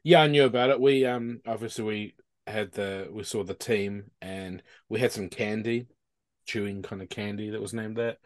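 A man's voice: fairly low pitch, fairly even intonation, normal speed, no echo. Hesitant man from New Zealand, dry sound. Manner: hesitant, thinks aloud. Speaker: podcast co-host. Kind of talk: casual chat.

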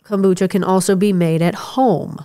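A woman's voice: mid-range voice, steady tone, normal speed, warm tone, clear, resonant tone. A woman with a stuffed-up nose co-hosting a podcast, explaining things in an upbeat, casual way. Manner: explanatory, upbeat, laughing easily. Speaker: podcast co-host. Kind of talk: casual chat.

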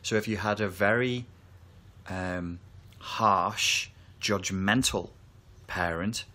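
A man talking to camera as a therapy coach, calm and reassuring as he explains. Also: lowish voice, slow pace. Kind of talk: reflective talk to camera.

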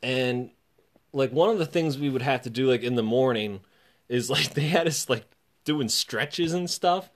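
A man telling a long story in casual chat, animated and often laughing, acting out voices. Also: medium pitch, a little slow.

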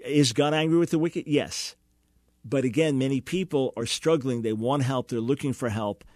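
A man's voice: medium pitch, moderate pace, a little mellow, no room sound, studio quality. A man hosting a radio call-in show, earnestly explaining and answering a caller's question, sometimes acting out quoted dialogue.

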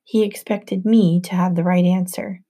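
A woman reading a novel aloud in the first person as an audiobook narrator, in an even, storytelling manner. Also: fairly low pitch, normal speed.

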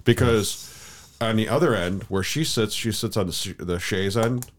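A man's voice: fairly low pitch, moderate pace. A man co-hosting a podcast, talking in a rambling casual way with many restarts and fillers. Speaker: podcast co-host. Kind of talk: casual chat.

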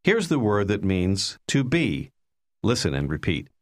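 A man with a fairly low voice that rises and falls a lot as he narrates a language lesson. He speaks in a calm, patient, scripted way, prompting the listener to answer. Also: measured pace.

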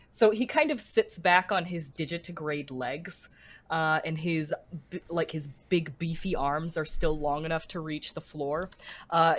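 Woman game master, low voice, hesitant narration with frequent fillers. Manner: hesitant, many fillers and restarts.

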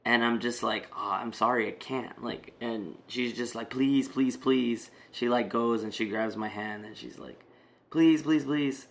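A man's voice: lowish voice, flat delivery, moderate pace, few pauses, fairly bright tone. A man casually telling a personal story, rambling with many fillers and restarts.

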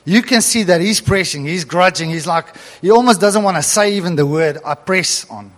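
Delivering a sermon at a fairly quick pace, a middle-aged preacher speaks in a high voice, animated and prone to chuckles between readings from scripture. His words echo with the long reverb of a church hall.

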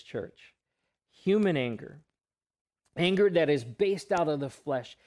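A man delivers a sermon to his church in a voice pitched a little above the usual for men. He asks question after question and lets his voice fall soft and low on the words he wants to land. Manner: earnest preaching with rhetorical questions and pauses, voice dropping soft on key words. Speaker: pastor.

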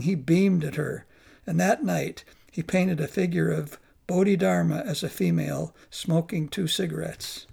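A man narrating a memoir in a measured, reflective reading. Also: sits high, creaky, a little mellow, husky.

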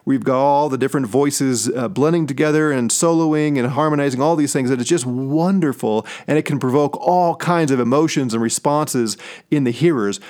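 A man's voice: mid-range voice, darkish tone. Middle-aged guy from st louis doing a bible teaching, leans hard on key words, sometimes whispers them, mid-range voice. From St. Louis, USA. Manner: emphatic, slows down and drops to a whisper on key words. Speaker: podcast host.

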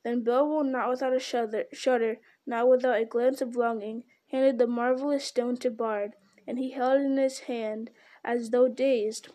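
Mellow woman reading a storybook. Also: on the high side. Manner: steady, unhurried reading with small slips. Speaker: reader. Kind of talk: storybook read-aloud.

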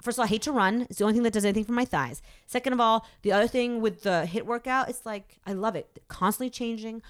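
A woman's voice: a little high, fast, clean tone, no echo, clean studio sound. A woman in her thirties, an actor, chatting casually and self-deprecatingly, with lots of "like" fillers. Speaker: actor and podcast guest. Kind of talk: casual chat.

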